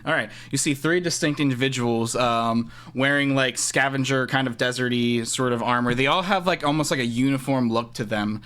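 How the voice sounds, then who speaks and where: A man's voice: mid-range voice, normal speed, few pauses, fairly bright tone, smooth. A man running a tabletop game as game master, describing scenes with many fillers and restarts.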